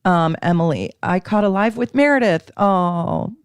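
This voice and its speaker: A woman's voice: lowish voice, measured pace, smooth, no room sound, clean studio sound. A woman hosting a live astrology stream, teaching casually and chatting with viewers, with frequent ums.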